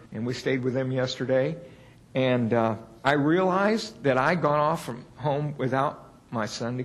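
A man preaching a sermon in a folksy, candid way, poking fun at himself and raising his voice to stress key words. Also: medium pitch. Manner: folksy, candid and self-deprecating; builds to raised emphasis on key words.

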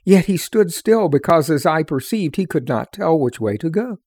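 A man narrating a storybook reading in expressive, old-fashioned phrasing. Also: on the high side, moderate pace, no room sound, studio quality.

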